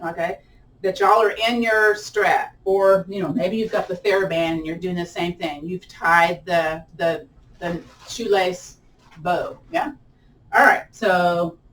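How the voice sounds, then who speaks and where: Playful yoga teacher with a lilt. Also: female voice, a bit bright, distant mic, a little hiss or hum, low-quality recording. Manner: playful, laughs often, pitch jumps up on effort. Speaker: yoga instructor. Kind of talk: chatty guided exercise class.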